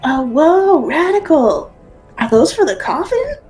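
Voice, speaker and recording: Bubbly young NPC girl, high excited outbursts, voiced by a woman. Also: measured pace, faint music behind, rough recording. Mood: chirpy. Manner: excitable, high and loud exclamations.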